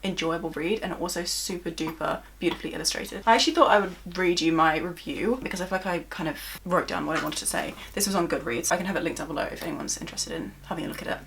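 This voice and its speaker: A woman's voice: on the low side, quick pace, vocal fry, few pauses, fairly bright tone. Chatty British woman reviewing books. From United Kingdom. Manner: chatty, many "like" fillers, gushing. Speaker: book vlogger. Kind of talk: casual monthly reading wrap-up.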